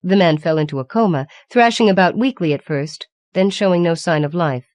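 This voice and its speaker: A woman narrates a fantasy audiobook with a deep, low voice for a woman. Her reading is measured and even, recorded dry and close with no room sound. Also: dry recording. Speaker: audiobook reader. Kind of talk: scripted narration.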